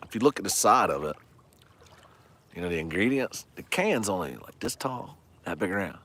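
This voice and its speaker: A man's voice: low-pitched, big pitch swings, moderate pace, fairly bright tone. A man, chatting and joking with viewers during a fishing livestream from a lake shore. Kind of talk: casual livestream chat. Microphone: phone camera.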